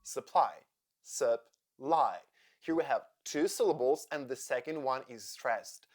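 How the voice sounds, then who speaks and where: A woman teaching English pronunciation in a slow, scripted lesson, drilling each vowel sound with repetition. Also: rumbling low, a little mellow.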